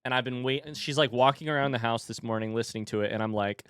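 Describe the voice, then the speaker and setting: A man's voice: medium pitch, quick pace, few pauses, a bit bright, clear, resonant tone, no echo, clean studio sound. A man chatting casually on a livestream, rambling and reading viewer messages aloud.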